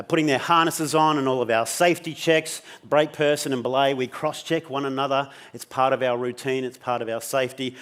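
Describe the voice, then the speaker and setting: A middle-aged Australian man giving a personal storytelling talk on stage, intense and emotional, swearing freely. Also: medium pitch. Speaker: keynote speaker.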